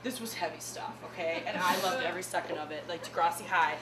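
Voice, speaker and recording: A young woman with a Midwestern accent doing an animated stand-up set, laughing at her own punchlines. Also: on the low side, quick pace, over a noisy crowd. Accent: Midwestern American. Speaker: stand-up comedian. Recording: echoey room with mic far off.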